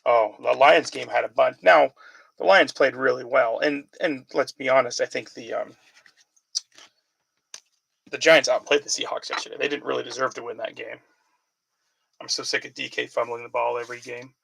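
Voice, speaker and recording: A man's voice: mid-range voice, fairly even intonation, normal speed, creaky, pauses often, fairly bright tone, breathy edge, poor audio. A man hosting a live sports card break, chatting casually and calling out player names as he opens packs. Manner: chatty, calls out player names while reading questions from viewers.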